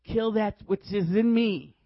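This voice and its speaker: A man quoting a desperate woman praying on the floor, in a hushed, pleading voice. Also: high voice, measured pace, no room sound. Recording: dull dry recording.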